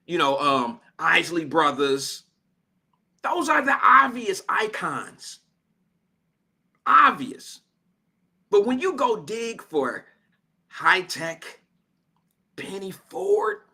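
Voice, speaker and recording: An American man with a high, bright and forceful voice hosts a radio show from the studio. He tells a story in an animated, slangy, casual way. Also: a little slow, creaky, pauses often, slightly rough. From Cincinnati, Ohio, USA. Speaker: radio host.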